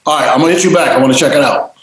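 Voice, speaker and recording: A man telling stories in a casual interview, animated and freely swearing, acting out voices. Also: fairly high pitch, racing, heavy reverb, very noisy. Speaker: interview guest, DJ and producer.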